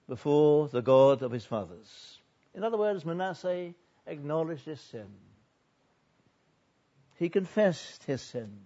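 A man preaching a sermon earnestly, building loud on repeated lists and then dropping low and quiet. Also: very animated, slow pace, muffled recording.

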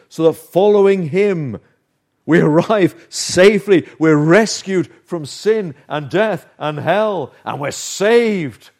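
A man preaching a sermon, earnest and emphatic, with dramatic pauses and swings of volume. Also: fairly high pitch, darkish tone.

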